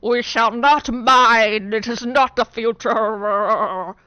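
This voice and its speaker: A woman voicing a blustering, pompous male leader with a British accent, proclaiming slowly. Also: a little high, steady tone, bright, forceful tone, clear, resonant tone, no echo. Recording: dull lo-fi sound.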